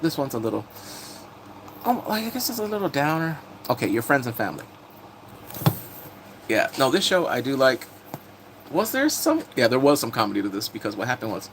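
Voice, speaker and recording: A man chatting casually on a live stream, recapping TV episodes and greeting viewers, laughing and animated. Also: medium pitch, a little hiss or hum.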